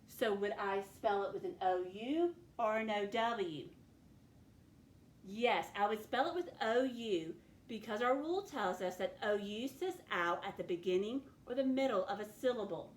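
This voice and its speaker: A woman's voice: medium pitch, animated, normal speed. A woman teaching a phonics lesson to children, patiently sounding out words letter by letter.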